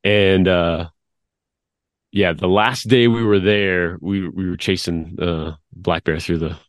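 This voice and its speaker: A man's voice: low-pitched, fairly even intonation, slow pace, dry recording. A man in his fifties, a guest on a chat show, telling stories in a loose, rambling way and laughing often. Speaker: guest, media producer. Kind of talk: casual interview chat.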